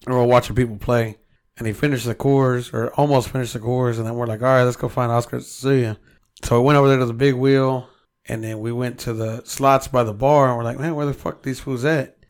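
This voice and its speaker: Male podcast co-host, mid-pitched, loose and profane storyteller. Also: little pitch movement, quick pace, smooth. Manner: storytelling, heavy swearing, quotes himself. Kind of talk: casual chat.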